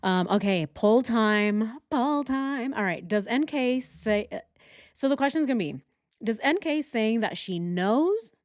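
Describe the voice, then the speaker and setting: A woman's voice: a little high, animated, measured pace, no room sound, clean studio sound. Sarcastic woman hosting a reaction commentary. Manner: sarcastic, mocking. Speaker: true crime reaction host. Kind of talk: casual commentary over a video.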